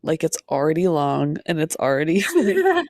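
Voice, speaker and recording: A woman co-hosting a podcast, chatting casually with giggly, animated asides. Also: low-pitched, moderate pace, dry recording, studio quality. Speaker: podcast co-host. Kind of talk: casual chat.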